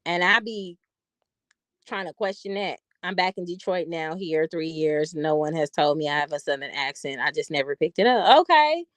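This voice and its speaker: A woman's voice: deep voice, moderate pace, no echo. A woman hosting her own vlog, telling loose, profane stories in a casual, chatty way with laughing asides. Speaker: vlog host. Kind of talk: casual storytelling monologue.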